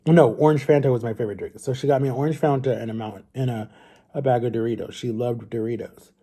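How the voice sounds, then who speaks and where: A man's voice: mid-range voice, steady tone, fast talker, warm tone. A man vlogger telling a long personal story to his viewers in a rambling, chatty way. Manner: rambling, chatty, often addresses viewers as guys.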